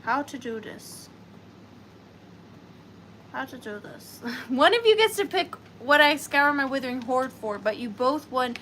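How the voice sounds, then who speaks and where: A woman's voice: high voice, animated, unhurried, long pauses, fairly bright tone, a little hiss or hum. A woman hosting a live online sale, chatting playfully with viewers and calling them by name. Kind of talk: chatty live-stream selling.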